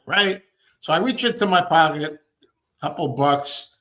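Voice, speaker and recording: A man hosting a show, ranting and telling everyday stories in a casual, animated way. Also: on the high side, measured pace. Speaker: host. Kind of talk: casual chat.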